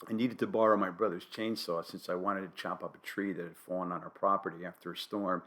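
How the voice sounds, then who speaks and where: An older man from New Haven, Connecticut, with a New England accent, hosting a solo podcast with dry, wry, deadpan humor. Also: deep voice, fast. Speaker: podcast host.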